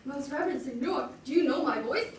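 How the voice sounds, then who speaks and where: A woman playing a foolish young gentleman. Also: high-pitched, animated, brisk, slight background noise. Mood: urgent. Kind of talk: amateur stage acting. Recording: very echoey room from far off.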